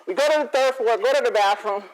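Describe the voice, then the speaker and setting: Woman confidence coach, keynote storyteller, lively and expressive. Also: fairly high pitch, fast talker, poor audio. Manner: animated, acts out dialogue, laughs often. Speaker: motivational speaker and confidence coach.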